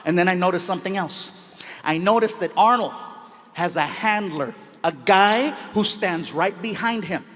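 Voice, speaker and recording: A man doing live stand-up, animated, laughing at his own lines and yelling for effect on a stage mic. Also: sits high, long reverb tail. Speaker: stand-up comedian and host. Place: comedy stage before a live audience.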